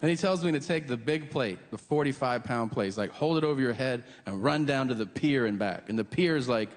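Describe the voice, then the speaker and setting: A man doing a stand-up comedy set, telling stories deadpan and acting out both sides of the conversations. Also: medium pitch, brisk. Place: comedy club stage. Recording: live club stage mic, long hall reverb, audience noise.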